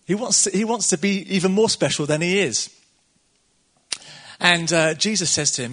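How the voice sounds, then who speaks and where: Bright, husky-voiced preacher man. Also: high-pitched, normal speed, pauses often. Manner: chatty and conversational, laughs often, acts out quotes. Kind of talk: casual sermon.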